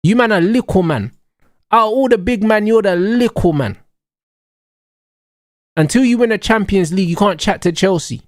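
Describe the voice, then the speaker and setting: A man's voice: sits high, normal speed, long pauses, no room sound, clean studio sound. Heated young man ranting. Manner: heated, mocking, profane, slang-heavy. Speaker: streamer. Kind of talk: ranting watch-along commentary.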